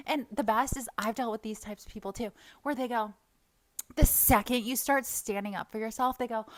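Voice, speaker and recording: A woman's voice: fairly high pitch, brisk. A young woman ranting to camera in a storytime vlog, heated and profane, mocking the people she talks about. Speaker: vlogger. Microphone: desk microphone.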